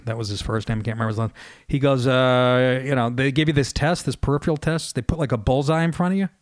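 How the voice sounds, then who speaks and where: A man's voice: mid-range voice, no room sound, studio quality. A man, a radio host telling stories in a casual, profane monologue and chuckling mid-sentence. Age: 50s.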